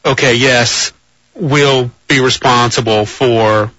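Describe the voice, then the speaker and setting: A man's voice: medium pitch, steady tone, slow, pushed and bright, no echo. A man hosting a call-in radio show, rambling with wry asides, on a dull lo-fi broadcast. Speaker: radio host.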